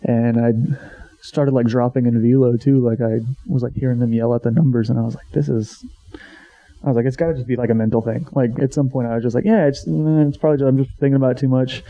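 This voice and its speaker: Very dark-voiced young man telling stories. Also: medium pitch, steady tone, brisk. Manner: rambling, profane, heavy filler words. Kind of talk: casual storytelling chat. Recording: dull lo-fi sound.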